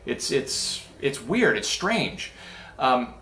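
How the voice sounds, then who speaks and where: Male pastor, relaxed chatty preaching, restarts often, roomy church sound. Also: medium pitch, very slow. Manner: casual and talky, with many restarts and asides. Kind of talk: conversational sermon. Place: church sanctuary. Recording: echoey church room.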